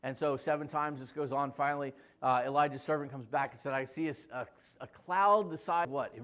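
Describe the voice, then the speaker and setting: A man's voice: mid-range voice, fairly quick, a bit bright. A male pastor retelling a scripture story in a casual, joking way, acting out the quoted lines and speaking to the congregation between them. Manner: jokey, acts out quoted voices with asides to the congregation.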